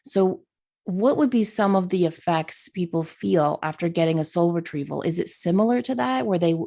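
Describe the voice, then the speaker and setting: A woman's voice: on the low side, animated, moderate pace, creaky, warm tone. A woman co-hosting a podcast who asks curious questions and tells stories from her own practice. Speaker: podcast co-host. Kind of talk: casual spiritual chat.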